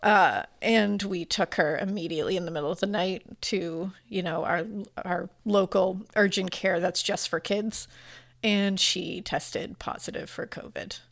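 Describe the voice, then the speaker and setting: A woman's voice: on the low side, steady tone, measured pace, gravelly. A woman in her forties co-hosting a podcast, talking in an emotional, rambling way with many fillers and restarts. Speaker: podcast co-host. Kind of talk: casual podcast chat.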